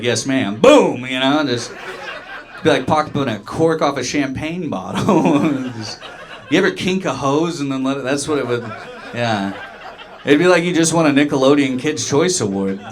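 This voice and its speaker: A young man from Oklahoma doing a loose, self-mocking stand-up comedy set in a small dive bar, acting out the voices of other people. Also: medium pitch.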